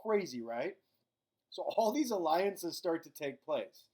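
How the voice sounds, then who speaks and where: A man's voice: a little high, big pitch swings, darkish tone. A middle-aged man giving a recorded history lecture in a casual, joking way. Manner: casual, acts out countries in quick silly voices. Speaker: history teacher.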